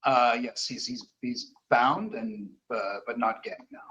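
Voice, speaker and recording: A man narrating as game master for a horror tabletop game, halting with fillers. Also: medium pitch, highs cut off, slight background noise. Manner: halting, many fillers, lively.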